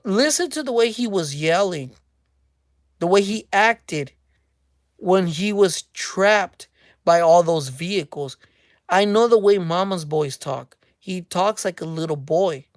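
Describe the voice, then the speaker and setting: A woman's voice: on the low side, no room sound, clean studio sound. A woman hosting a casual commentary rant, mocking and speculative, repeating her phrases for emphasis. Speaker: commentary channel host.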